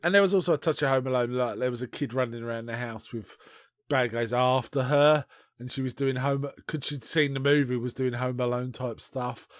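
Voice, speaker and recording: A man on a podcast, casually retelling a film in a rambling, animated way with restarts. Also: mid-range voice, fairly quick, no room sound, clean studio sound. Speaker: podcast co-host. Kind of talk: casual chat reviewing a film.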